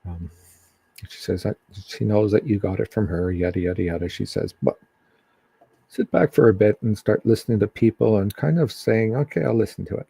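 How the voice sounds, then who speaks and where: A man giving psychic readings on a live stream in a halting, casual way, with many ums and restarts. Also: lowish voice, gravelly, mellow, slightly rough, dry recording.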